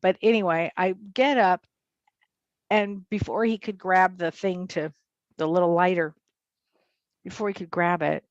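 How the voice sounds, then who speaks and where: Brief: woman guest, animated storyteller, dull dry recording. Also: a little slow, pauses often, no echo. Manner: animated, acts out quotes in high voices. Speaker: psychotherapist and medium guest. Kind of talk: storytelling in an interview.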